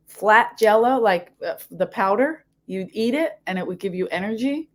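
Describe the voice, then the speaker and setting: Woman, Philadelphia accent, comedian, animated storyteller, swears freely. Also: medium pitch. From South Philadelphia. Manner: animated, profane, quick jumps between stories. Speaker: comedian guest. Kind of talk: casual storytelling chat.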